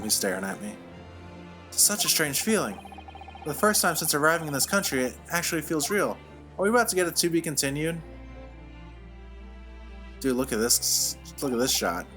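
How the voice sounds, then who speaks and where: A chatty man doing excitable commentary over a video game. His voice sits a little high and sounds bright and forceful. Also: fairly quick, pauses often, faint music behind. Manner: excitable, chatty, says dude. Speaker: let's play host.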